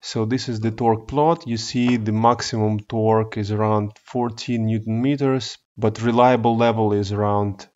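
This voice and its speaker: A man presenting a technical demonstration of test equipment, explaining step by step with frequent pauses and restarts. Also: on the low side, flat delivery, a little mellow, dull audio. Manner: explanatory, hesitant with fillers and restarts. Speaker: engineer presenting a product demo.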